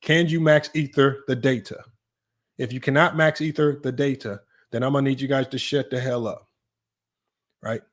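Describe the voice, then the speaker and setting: A man hosting a casual sports livestream, teasing his chat, his voice jumping up in mock disbelief. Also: moderate pace. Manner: animated, teasing, voice jumps high in mock disbelief. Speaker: livestream sports talk host.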